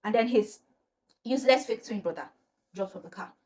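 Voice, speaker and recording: A young woman with a Nigerian accent telling a personal storytime to her viewers in a chatty, animated way. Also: on the high side, a little fast, slight background noise. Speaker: vlogger. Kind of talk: storytime vlog.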